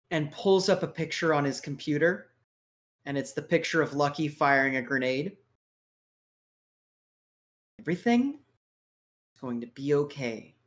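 A man voicing a menacing male crime boss who talks with sneering sarcasm and quiet threats. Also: on the high side, natural voice. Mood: cold.

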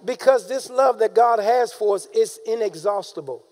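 A man preaching a sermon, calling out to the congregation and rising into shouted emphasis. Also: high-pitched, normal speed. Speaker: pastor.

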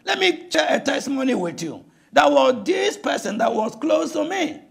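An older Nigerian pastor preaches with a rough, gravelly voice. His pitch sits high and swings widely as he calls out to the congregation, often breaking into shouts. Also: very animated, normal speed. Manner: impassioned preaching with frequent shouts and "listen to me". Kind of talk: sermon.

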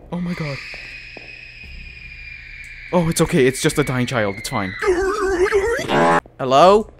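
A man's voice: on the high side, lively intonation, unhurried, pauses often, music in the background. A man giving horror gameplay commentary as a YouTuber, jumpy and panicky, gasping, swearing and laughing nervously. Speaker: gaming YouTuber.

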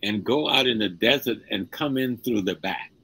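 An older man, a guest, telling a personal story at an unhurried pace, stretching key words. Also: mid-range voice, pushed and bright, slightly rough, rough recording. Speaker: guest speaker. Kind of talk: storytelling in a live-streamed conversation.

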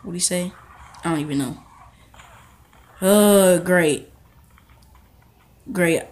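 A young man giving casual gameplay commentary, excitable and talking back to the characters on screen. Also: high voice, takes it slowly. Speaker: gaming channel host.

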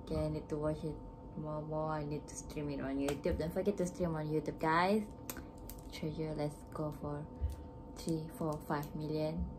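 A woman reacting to a music video, gushing with excited exclamations and giggles, getting emotional near tears. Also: low-pitched, moderate pace, noisy background. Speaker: K-pop reaction vlogger. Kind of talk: casual reaction commentary. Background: music video playing.

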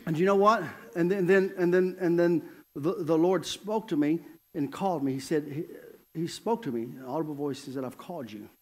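A middle-aged male evangelist preaching a sermon and telling his own story in an animated way, laughing often as he goes. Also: a little high, moderate pace. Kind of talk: sermon with personal testimony.

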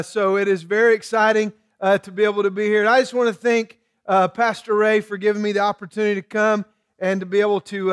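A man from Georgia with a Southern accent, a guest preacher opening a sermon in a folksy, halting way with many fillers. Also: high-pitched, fairly bright tone, smooth, no room sound, studio quality.

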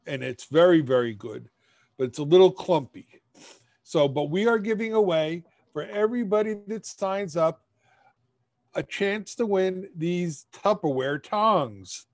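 A man hosts a live virtual craft show in a slightly high voice, rambling in a friendly way as he talks up the prizes. The recording is dry and close, with no room sound. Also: darkish tone, dry recording. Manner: rambling, friendly, with restarts, talking up giveaway prizes. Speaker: host. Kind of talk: casual live-stream host chat.

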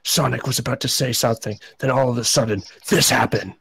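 A man narrating a comedic fan story aloud, in deadpan delivery with crude asides. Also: mid-range voice, fast talker, vocal fry, slight background noise. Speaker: narrator and reader.

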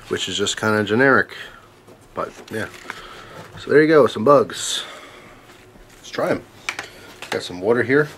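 A man's voice: on the low side, fairly bright tone, slight background noise. A young man vlogging at home, chatting wryly as he tastes bugs and talks to his dog. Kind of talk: casual vlog, tasting food on camera. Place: indoors at home, camera on tripod.

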